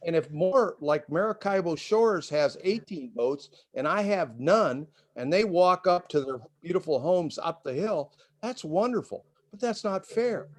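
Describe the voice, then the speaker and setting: Older man on a video call, fired up and emotional, stumbles over words, slightly high voice. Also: expressive. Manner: indignant, emotional, halting. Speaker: resident giving public comment. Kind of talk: public comment at a meeting.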